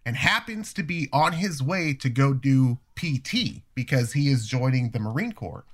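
A young man in a casual chat, telling a long story in a rambling, profane, animated way. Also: medium pitch, normal speed. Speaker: storyteller guest.

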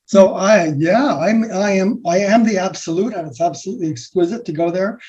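A man from the USA, speaking as a guest in a reflective spiritual conversation, rambling softly with many restarts and fillers. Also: high-pitched, a little fast. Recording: dull lo-fi recording.

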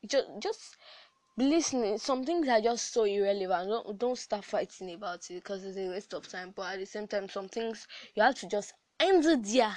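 A young woman hosts a casual podcast, talking through advice in a loose, chatty way, often restarting her sentences and laughing. Her voice sits at a medium pitch. The sound is dry, with little room echo. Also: moderate pace, a little mellow. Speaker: podcast host.

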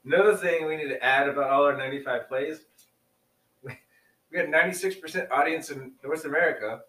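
A man's voice: on the high side, a little fast, bright, forceful tone, distant mic. Man, co-host, casual chat, rambling, laughs a lot, echoey room, off-mic. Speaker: podcast co-host. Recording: roomy, a bit off-mic.

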